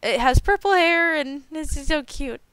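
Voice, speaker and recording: A young woman hosting a casual unboxing video, bubbly and excitable, tripping over her words as she gushes. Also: high-pitched, unhurried, no echo. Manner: bubbly and excitable, gushing with stumbling repeats. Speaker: unboxing channel host.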